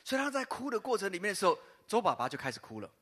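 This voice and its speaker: A man, a pastor telling a personal story in a sermon, pausing in short bursts for an interpreter. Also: sits high, slightly rough. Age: 50s. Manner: lively storytelling pauses for an interpreter. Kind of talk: sermon testimony.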